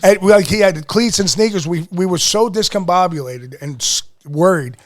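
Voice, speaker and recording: A middle-aged man from Pennsylvania hosting a podcast, telling an emotional family story in casual chat, excitable and swearing. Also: high voice, moderate pace. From Lehigh Valley, Pennsylvania. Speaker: podcast host.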